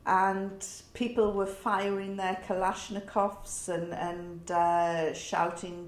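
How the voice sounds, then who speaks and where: A middle-aged woman with a northern English accent tells a personal story in a reflective, wry way, with pauses and fillers. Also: mid-range voice, flat delivery. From north of England. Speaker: interviewee. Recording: roomy echo.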